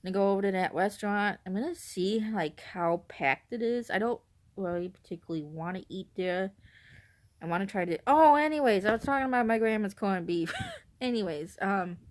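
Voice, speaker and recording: Speaking at a normal speed and medium pitch, a woman from northern Illinois chats to camera for her vlog. Her talk wanders, she keeps fixing what she's said, laughs often and admits the camera makes her nervous.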